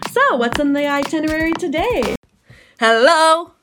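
An upbeat, giggly woman co-hosting a casual podcast and asking the questions. Her voice sits noticeably high. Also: moderate pace, noisy background. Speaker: podcast co-host.

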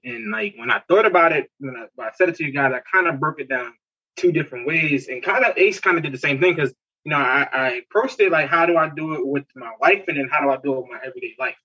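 A man from Newark, telling animated stories in slangy casual chat and laughing often. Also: mid-range voice, fast talker, husky. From Newark, New Jersey. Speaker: podcast co-host. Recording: distant, dull lo-fi mic.

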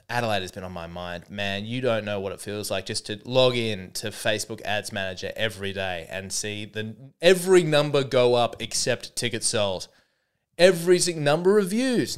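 A young man riffs through a solo comedy podcast, his voice swinging up and down with animated pitch. His tone is smooth and clear, and he talks in loose, self-mocking rambles that hop from one bit to the next. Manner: rambling, self-mocking, jumps between bits.

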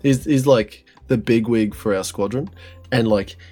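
A man's voice: mid-range voice, unhurried, slightly rough, soft background music. A young man co-hosting a podcast, chatting casually and telling a story with lots of swearing and laughter. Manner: excitable, swears freely, laughs a lot. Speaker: podcast co-host.

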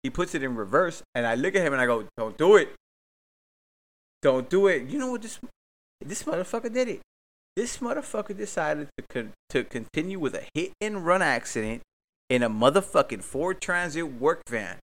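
A young man from hosts a casual podcast. His storytelling is excitable and full of swearing, and he acts out every exchange as he retells it. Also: on the high side, fairly quick. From Miami, Florida. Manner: profane, excitable, acts out the dialogue. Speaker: podcast host. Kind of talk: animated storytelling.

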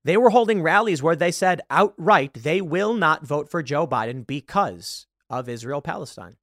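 A man's voice: fairly high pitch, expressive, moderate pace, fairly bright tone, dry recording, studio quality. A man hosting a political commentary monologue, talking in an emphatic, argumentative way and correcting himself as he goes. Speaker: host.

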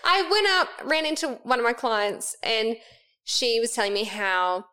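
A woman's voice: a little high, a little slow, clear, resonant tone. A woman in her thirties co-hosting a podcast, chatting casually and telling stories with lots of laughter. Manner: animated, laughing storyteller. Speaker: podcast co-host. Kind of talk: casual chat.

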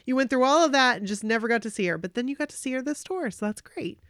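A woman co-hosting a podcast, reading a fan's story aloud in an animated way. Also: sits high, fast talker, no echo, clean studio sound.

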